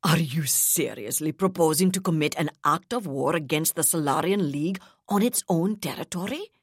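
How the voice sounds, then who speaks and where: A woman's voice: sits low, expressive, normal speed, breathy edge, dry recording, clean studio sound, heavily acted. Woman reading as a cold, haughty governor. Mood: indignant. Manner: cold, inflexible, condescending. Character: arrogant, scheming male colonial governor.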